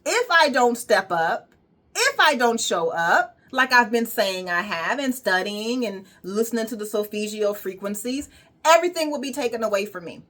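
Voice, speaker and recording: A woman's voice: fairly high pitch, animated, normal speed, a bit bright. A woman wellness coach giving an emphatic, repetitive motivational monologue with casual swearing.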